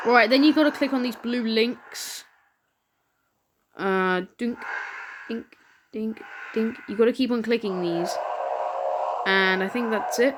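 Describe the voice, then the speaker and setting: A woman's voice: a little high, moderate pace, heavy background noise. Chatty woman reading a game aloud. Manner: casual, excitable, reads dialogue with feeling. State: sore throat. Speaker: let's play host.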